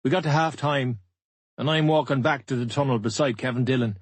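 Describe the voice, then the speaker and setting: Husky man reading a blunt memoir. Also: medium pitch, fairly quick, dry recording. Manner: blunt, plain-spoken, matter-of-fact. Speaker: audiobook narrator. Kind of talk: first-person memoir audiobook reading.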